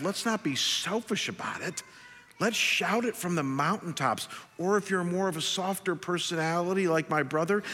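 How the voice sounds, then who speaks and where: Guy preaching a sermon, bright voice, chatty and earnest, big church hall echo. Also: on the high side. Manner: earnest, conversational preaching with frequent restarts. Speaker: pastor.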